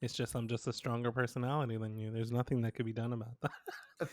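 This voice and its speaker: Fast and medium-pitched, this young podcast co-host spins a lively story in casual conversation, laughing a lot and acting out other people's lines. His voice comes through clean studio audio without any room sound.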